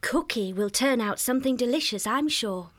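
A lively teasing young creature. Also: female voice, on the high side, moderate pace.

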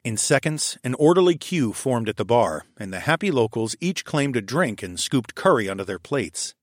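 A man narrating a first-person story in a steady, even reading voice on a close mic. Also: mid-range voice, normal speed, no room sound. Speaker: audiobook narrator.

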